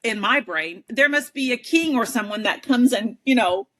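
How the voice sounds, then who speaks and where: A woman on an interview show telling a personal story in a lively, self-deprecating way, often acting out the people she quotes. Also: fairly high pitch, normal speed. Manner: animated, self-deprecating, acts out quoted dialogue. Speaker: interview guest, advocate and educator.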